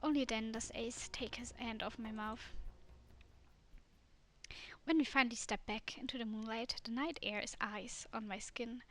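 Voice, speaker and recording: A woman streamer reading a dating game aloud in a soft, immersive way. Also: fairly high pitch, fairly even intonation, normal speed.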